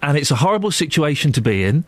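A man hosts a phone-in, speaking gently and sympathetically to his callers. His pitch moves widely, and the studio sound is dry and close. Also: sing-song, fast talker, dry recording. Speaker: radio host. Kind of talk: phone-in radio hosting. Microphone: studio microphone.

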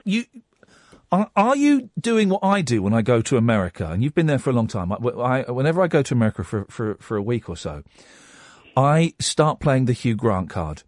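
A man with a mid-range voice hosts a radio phone-in, chatting casually at a brisk pace and often restarting his sentences. He's animated and self-deprecating, stammering as he goes. It's recorded on a studio microphone with studio quality and no echo.

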